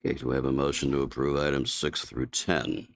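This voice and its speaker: A man chairing a school board meeting, calling motions and roll calls in a brisk procedural manner with dry humor. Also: rumbling low, flat delivery, gravelly, no echo.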